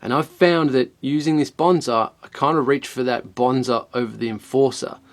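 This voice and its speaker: A man's voice: mid-range voice, fairly even intonation, moderate pace. An Australian man giving a casual spoken product review, blunt and chatty, swearing often in a laid-back way.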